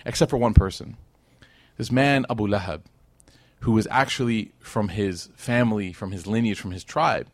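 A man's voice: fairly low pitch, normal speed, no room sound. A man giving a storytelling religious lecture to a live audience, full of rhetorical questions and acted-out quotes. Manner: animated, with rhetorical questions to the crowd; acts out quoted people. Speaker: religious teacher.

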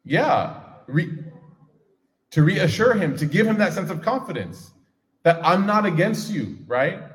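A man's voice: high-pitched, big pitch swings, measured pace. Guy teaching a class, casual, keeps asking the room questions, long hall echo. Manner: engaging, asks the audience questions. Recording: reverberant hall.

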